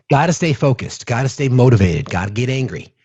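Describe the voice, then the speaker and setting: A man's voice: medium pitch, vocal fry, darkish tone, husky, dry recording. A man hosting a political call-in show, talking in an impassioned, profane, ranting way. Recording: dull, lo-fi, dry.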